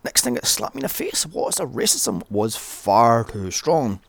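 A man's voice: medium pitch, wildly swooping pitch, unhurried, creaky, a bit bright, no room sound. A man giving a blunt, sweary, ranting film review. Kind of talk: casual solo review.

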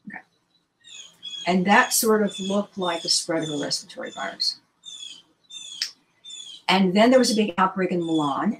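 A woman's voice: fairly low pitch, slight background noise, low-quality recording. A woman from the Washington, D.C. area, a surgeon speaking as an interview guest, telling stories with emphatic rhetorical questions. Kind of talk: casual storytelling interview.

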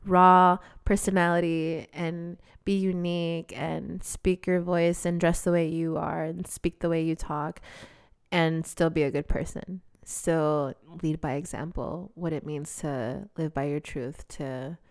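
A woman's voice: low voice, fairly even intonation, measured pace, clear, resonant tone, no room sound, clean studio sound. A woman in her twenties telling candid stories in a casual monologue. She swears freely and laughs often. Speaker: vlogger.

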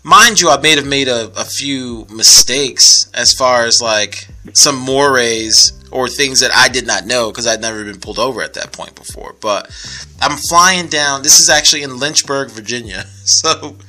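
A man's voice: medium pitch, moderate pace, faint music behind. A young man in casual podcast conversation, telling a story with laughs and acted-out voices. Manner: animated storyteller, laughs often, acts out voices.

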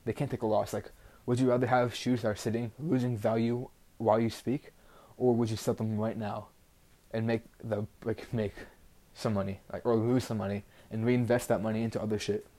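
A man's voice: lowish voice, level tone, fairly quick, mellow. A teenage boy hosting a casual solo podcast, rambling bluntly with constant "like" fillers and a frustrated edge. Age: teens. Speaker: podcast host.

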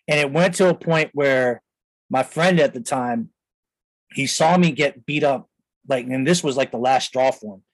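A man's voice: medium pitch, normal speed, no room sound, rough recording. A man in his thirties hosting a podcast, telling a personal story in a rambling way full of fillers, recorded on a close mic in a studio. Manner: rambling, filler-heavy, with "you know" and "like". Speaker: podcast host. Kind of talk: casual storytelling.

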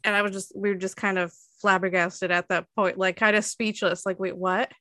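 A woman in her twenties tells a story in easy, rambling chat, full of fillers and quick laughs. Her voice is bright and forward, recorded close and dry. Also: mid-range voice, little pitch movement, no echo. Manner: chatty storytelling, laughs often, many fillers. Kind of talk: casual chat.

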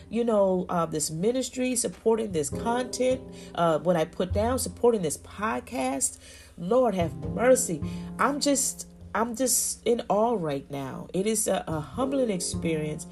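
A woman's voice: medium pitch, lively intonation, measured pace, darkish tone, faint music behind. A woman hosting a faith podcast, talking effusively and exclaiming often, with frequent "you know" and "y'all". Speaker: podcast host.

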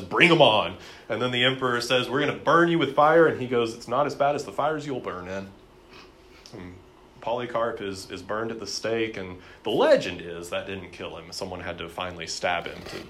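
Low-voiced man teaching church history. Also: fairly bright tone. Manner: conversational, with fillers and repeated words. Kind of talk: classroom lecture.

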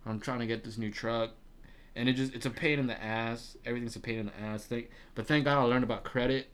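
A twenty-year-old man, a podcast guest, telling a story in casual chat, swearing freely, animated and laughing often. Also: medium pitch, quick pace, clear, resonant tone.

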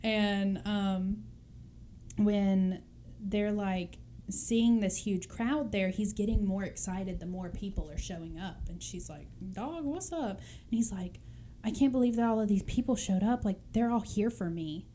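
A young woman tells a crime story in a loose, chatty way, slipping into quick voices for the people in it and laughing often. Her voice is dark and mellow in tone. A faint hiss sits under the recording. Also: medium pitch. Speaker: podcast co-host telling a true crime story. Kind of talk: casual chat storytelling.

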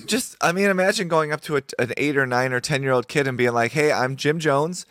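A man's voice: mid-range voice, lively intonation, fast talker, fairly bright tone, smooth, no room sound, clean studio sound. A man in a casual discussion over a video call, emphatic and indignant. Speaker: podcast co-host.

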